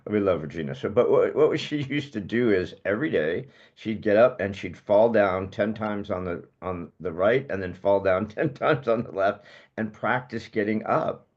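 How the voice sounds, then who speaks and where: A man's voice: on the low side, moderate pace, dull audio. A man hosting a podcast interview, chatting casually and telling stories with jokey asides. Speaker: podcast host.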